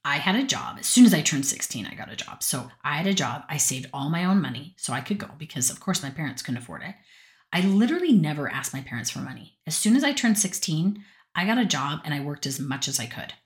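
A woman from Utah with a deep voice, quick pace, and big swings in pitch tells personal stories from her notes on a podcast. She is chatty and rambling, often breaking into laughter and asides.

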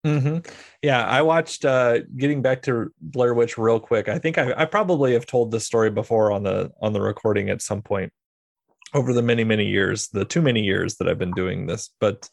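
A man's voice: on the low side, normal speed, creaky, no room sound. A man hosting a podcast, talking casually about films and telling rambling stories with lots of fillers. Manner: rambling storyteller, many fillers and restarts. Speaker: podcast host. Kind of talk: casual film discussion.

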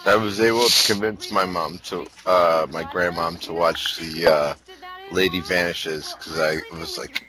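Co-host, male; lower voice with a bright edge; laughing storyteller, crude and argumentative. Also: fairly even intonation, measured pace, poor audio. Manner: laughing, profane, tells anecdotes with quoted dialogue. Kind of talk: casual movie commentary chat.

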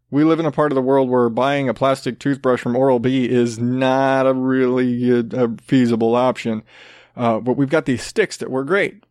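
A man's voice: medium pitch, little pitch movement, moderate pace, a little mellow, no echo, clean studio sound. A man hosting a podcast, ranting sarcastically with plenty of swearing and rambling restarts. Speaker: podcast host. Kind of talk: casual ranting commentary.

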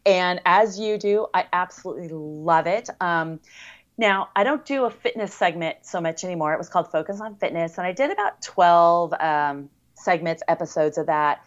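A woman's voice: on the low side, moderate pace, lo-fi sound. An American woman chatting as a podcast guest, upbeat and talkative with lots of fillers. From United States. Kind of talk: casual interview chat.

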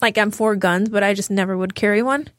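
A woman's voice: mid-range voice, fairly even intonation, a little fast, no echo, studio quality. Woman telling stories on a podcast. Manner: storytelling, acting out quoted exchanges. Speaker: podcast co-host. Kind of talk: casual chat.

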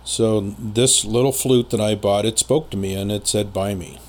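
A man telling a personal story in casual conversation as a podcast guest, rambling with many pauses and fillers. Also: on the low side, steady tone.

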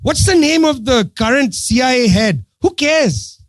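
A man's voice: very high voice, sing-song, unhurried, dry recording. A man giving an impassioned political talk to an audience, sarcastic and emphatic, driving his points home through repetition. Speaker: political speaker addressing an audience.

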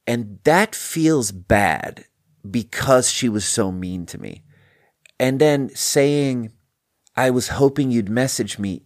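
A man's voice: medium pitch, a little mellow, dry recording, clean studio sound. A young man hosting a podcast, talking in a casual rambling monologue full of tangents and restarts. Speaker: podcast host.

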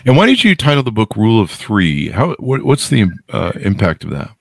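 A deep-voiced middle-aged man hosts a podcast interview in easy, casual conversation. He leans on his points with sudden upward leaps in pitch. The sound is close and dry, with no room around it. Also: very animated, a little fast, vocal fry, dry recording. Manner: emphatic, jumps up in pitch to stress points. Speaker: podcast host.

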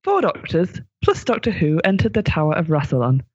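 A man narrating a comic fan story with a lively, swooping delivery and a slightly husky tone. The voice is dry and close, with the dull, lo-fi sound of a home recording. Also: a little high, brisk, no room sound. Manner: animated, giggling reading with put-on voices. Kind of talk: amateur comic fan-fiction reading.

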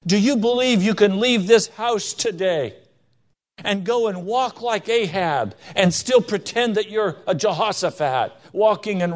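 A man's voice: on the high side, darkish tone. A man preaching a sermon with emphatic delivery, rising and falling for stress, acting out quoted voices in his stories. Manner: acts out quoted voices in anecdotes.

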